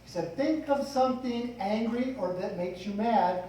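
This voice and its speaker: A man's voice: very high-pitched, moderate pace, mellow. A middle-aged man giving a rambling, folksy eulogy for his father, mixing light humor with emotion. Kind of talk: funeral eulogy speech. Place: funeral hall. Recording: echoey hall, distant mic, faint noise.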